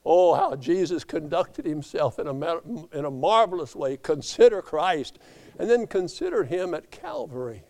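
A man preaching with a voice pitched on the high side. His sermon sinks into quiet, low passages and then climbs into loud, fervent peaks. He quotes scripture aloud, sometimes stumbling and correcting himself. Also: sing-song, moderate pace, gravelly. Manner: swings from hushed low tones to raised impassioned climaxes. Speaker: pastor.

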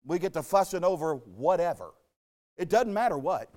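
A man from Arkansas delivers a sermon in a notably high voice, folksy and full of joking asides. He drifts into homey personal stories as he preaches. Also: big pitch swings, normal speed, a little mellow.

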